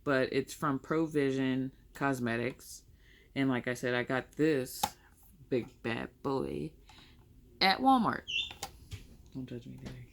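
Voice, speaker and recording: A woman's voice: very deep voice, expressive, slow pace, slight background noise. A young woman chatting casually through her makeup tutorial, rambling and correcting herself as she goes. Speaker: makeup vlogger.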